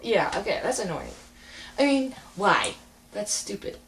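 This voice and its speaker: A young woman ranting casually to her webcam, animated and sarcastic, often breaking into mocking impressions. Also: medium pitch, unhurried. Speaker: vlogger. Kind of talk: casual rant to camera.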